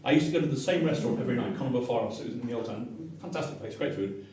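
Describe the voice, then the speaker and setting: A middle-aged Mancunian man with a mid-range voice tells a humorous story to an audience in a restaurant dining room, talking rapid-fire. He's animated and self-mocking, acting out the voices he quotes. The echoey room is recorded from far off with slight background noise.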